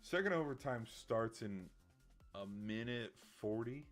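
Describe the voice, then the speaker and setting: A man's voice: medium pitch, expressive, measured pace, faint music behind. A tired man chatting casually on a late-night livestream, rambling and getting heated, with lots of filler words and restarts. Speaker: streamer.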